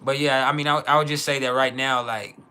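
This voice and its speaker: A man from Texas with a Texan accent, hosting an astrology livestream in loose, rambling casual talk that turns loud and heated. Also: mid-range voice, fairly even intonation, a little fast, clean tone.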